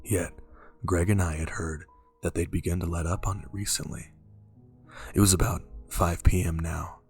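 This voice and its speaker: Low-voiced guy telling a creepy story, calm and measured, faint music underneath. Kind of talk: scripted horror story narration.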